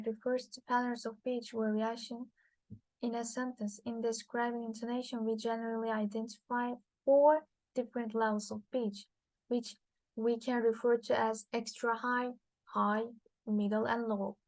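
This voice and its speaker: A woman whose first language is Turkish, reading a linguistics lecture from slides, halting with frequent fillers and restarts. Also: a little high, level tone, a little mellow, dry recording, rough recording.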